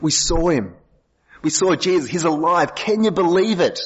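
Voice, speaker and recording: A preacher doing eager, excited disciples. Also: male voice, fairly high pitch, normal speed, husky, pitched above the performer's own voice. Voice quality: eager, insistent. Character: excited male disciples bursting with news. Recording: dull lo-fi sound.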